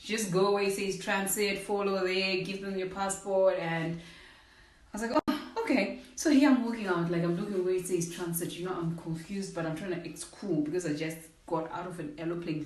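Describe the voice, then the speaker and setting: A woman's voice: medium pitch, distant mic. A young woman from Zimbabwe telling a casual storytime to her viewers, acting out the voices in it and calling them "guys" again and again. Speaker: vlogger. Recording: roomy echo.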